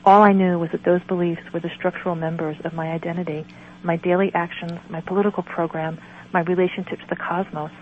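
A woman with a rather low voice reads her own writing in a measured, earnest manner. The sound is dull and lo-fi, with a faint hiss underneath. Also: flat delivery. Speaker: author and guest. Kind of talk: reading aloud, then interview answers.

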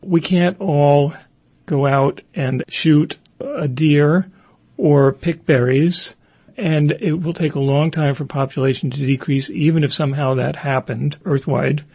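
A man's voice: fairly high pitch, steady tone, unhurried, creaky, a little mellow, husky, no echo, muffled recording. A man hosting an interview and asking probing, direct questions. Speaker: interview host.

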